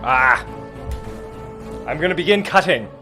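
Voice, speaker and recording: A man's voice: fairly high pitch, animated, measured pace, sharp tone. Joking tipsy male streamer. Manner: joking, self-mocking, playful. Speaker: streamer carving pumpkins. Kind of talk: casual livestream banter. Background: music.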